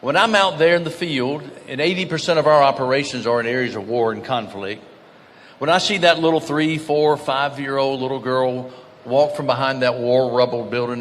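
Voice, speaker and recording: A man giving an earnest conference speech, telling stories and dropping to soft, grave tones. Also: mid-range voice. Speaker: guest speaker. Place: conference hall. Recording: reverberant hall, faint background noise.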